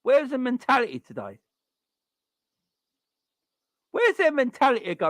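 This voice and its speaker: A man's voice: extremely high pitch, huge pitch swings, quick pace, fairly bright tone, dry recording. A man hosting a football fan channel, ranting in frustration and firing off repeated rhetorical questions. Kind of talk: fan reaction rant.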